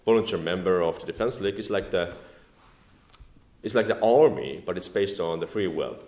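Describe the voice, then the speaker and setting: A man from Estonia with an Estonian accent and non-native English, giving a speech at a formal dinner with many halting "like"s and "uh"s. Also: sits low, animated, a little mellow. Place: banquet room at a formal dinner. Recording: echoey dining hall.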